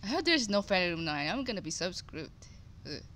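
A woman's voice: fairly low pitch, big pitch swings, fairly quick, fairly bright tone, a little hiss or hum, poor audio. A woman giving thinking-aloud commentary on her game run, nervous and hesitant, muttering her plans to herself. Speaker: gameplay commentator.

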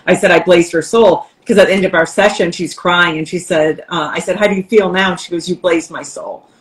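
A woman's voice: on the low side, fairly quick, poor audio. A woman, a podcast guest and coach, candidly telling stories in conversation and acting out the voices she quotes. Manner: lively, acts out quoted voices, laughs while telling.

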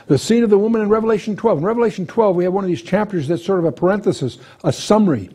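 With a high-pitched, husky yet mellow voice, a man races through a verse-by-verse Bible lesson. He reads scripture with lifted emphasis and talks through its meaning casually, frequently restarting and repeating himself while he thinks.

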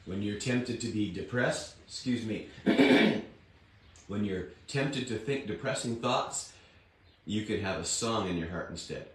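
Man, devotional host, unhurried homely talk, very echoey room, distant mic. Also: lowish voice, background noise. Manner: homely and plain-spoken, with gentle asides. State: rough morning voice. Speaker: devotional host and Bible reader.

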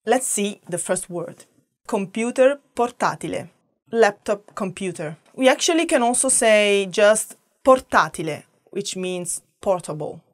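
A woman with an Italian accent teaching vocabulary in a chatty, playful way, often laughing and asking viewers questions. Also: mid-range voice. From Italy. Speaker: language teacher. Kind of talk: casual vocabulary lesson to camera.

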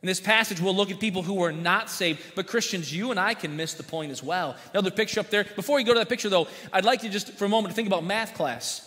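A man preaching in a church, his voice high and bright. He talks in a folksy way, tosses out jokes and asks the congregation questions. The sound rings with long hall reverb. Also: fast, few pauses. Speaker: pastor. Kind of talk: sermon with jokes. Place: church sanctuary.

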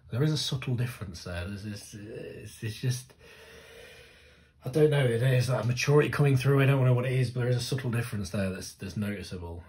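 A man hosting a music reaction, talking casually and rambling with restarts, often gushing and excitable. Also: on the low side. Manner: gushing, excitable, laughs and sings along. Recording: music playing faintly behind.

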